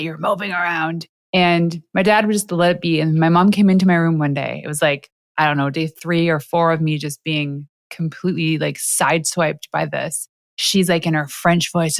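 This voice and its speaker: Woman podcast host, lowish voice, dry close sound, animated storyteller. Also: moderate pace, no room sound. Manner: animated storyteller, laughs often. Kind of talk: casual interview chat.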